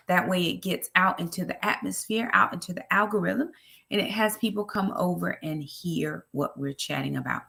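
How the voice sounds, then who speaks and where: Southern woman hosting a church livestream, bright voice, chatty, calls out viewers by name. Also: lowish voice, normal speed, creaky. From Brooklyn, New York. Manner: chatty, greets viewers by name, lively asides. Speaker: ministry livestream host. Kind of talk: casual livestream chat with viewers.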